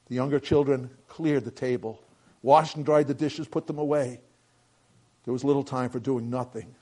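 A man's voice: mid-range voice, steady tone, moderate pace, mellow. An older man reading a family story aloud, earnest and plain, with small slips and a moved tone.

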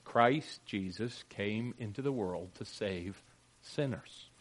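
A man preaching a sermon as pastor, swinging from loud emphatic lines to quiet, joking asides with his congregation. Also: fairly low pitch, slow pace.

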